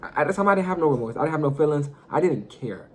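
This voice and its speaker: A young man telling a personal story in a casual vlog, animated and profane, talking straight to his viewers. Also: a little high, quick pace, a little hiss or hum. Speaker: storyteller vlogger.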